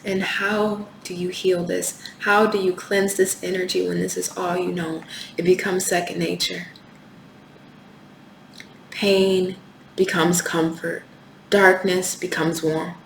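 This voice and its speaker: A woman's voice: lowish voice, level tone, slow pace, vocal fry. A woman doing a tarot reading, speaking with passion, repeating rhetorical questions and swearing now and then. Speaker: tarot reader. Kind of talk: spiritual tarot reading to camera. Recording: echoey room with faint background noise.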